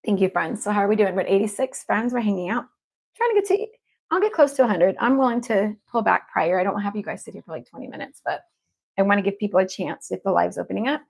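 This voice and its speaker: On her livestream, an evidential medium chats casually with viewers, upbeat and effusive, telling them again and again that she loves them. Her everyday mid-pitched voice is animated and fast, gravelly and husky, though a little mellow.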